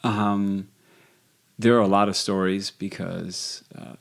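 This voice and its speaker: Gravelly low-voiced man telling a story. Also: slow pace. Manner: relaxed, with frequent fillers and restarts. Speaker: podcast guest, exercise physiologist. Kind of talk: conversational storytelling.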